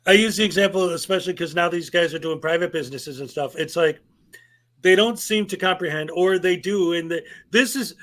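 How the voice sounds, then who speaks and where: A man hosting a casual talk show, speaking with animated energy and often repeating words as he starts a thought. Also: high voice, a little fast. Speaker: host. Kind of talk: casual chat.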